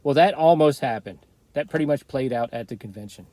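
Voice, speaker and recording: A man's voice: mid-range voice, brisk, dark tone, no room sound. A middle-aged man casually telling a story, rambling and digressing, often chuckling.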